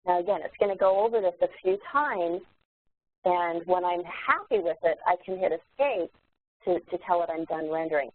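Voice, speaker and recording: A woman instructor demonstrating software in a live webinar, explaining steps in a relaxed way with many fillers and restarts. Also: fairly low pitch, moderate pace. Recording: tinny phone-like webinar audio.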